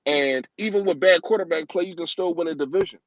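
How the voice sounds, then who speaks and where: A man with a slightly high voice rants on a live stream, passionate and quick, hammering his points again and again. The sound is dry and close, with a slightly dull, muffled tone. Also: no room sound. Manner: passionate, rapid, ranting fan talk with emphatic repetition. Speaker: live-stream football talk host. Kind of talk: casual live-stream sports rant.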